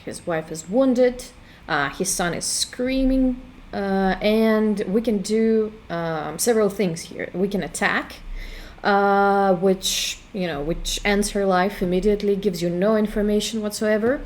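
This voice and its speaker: Slow, hesitant woman walking through her game. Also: medium pitch, darkish tone. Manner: hesitant, full of fillers and restarts while thinking aloud. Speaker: game creator demonstrating her work. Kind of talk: casual walkthrough commentary.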